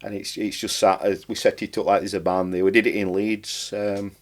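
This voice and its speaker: Here a podcast guest, a writer and comedian from Barnsley, South Yorkshire, talks a little fast in a low-leaning voice with little pitch movement. His casual interview chat wanders, thick with broad local dialect and dropped words.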